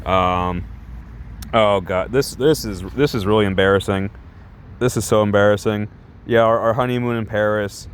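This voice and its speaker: A man's voice: lowish voice, steady tone, moderate pace, slight background noise. Rambling, self-conscious male streamer. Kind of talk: casual livestream chat.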